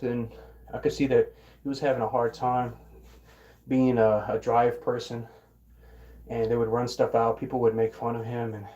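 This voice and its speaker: A young man casually telling a rambling story about his old job, often restarting words and clearing his throat. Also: mid-range voice, warm tone. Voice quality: occasional throat clearing and coughing. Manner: rambling, repeats words and restarts, mimics coworkers in quotes. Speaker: vlogger.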